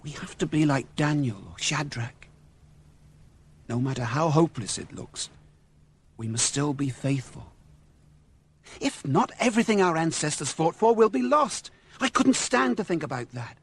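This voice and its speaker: A man's voice: on the high side, lively intonation, moderate pace, breathy edge. An actor playing an earnest young Royalist officer who pleads passionately for his faith and king, in a 1970s radio drama. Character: young Royalist officer, devout, principled, torn.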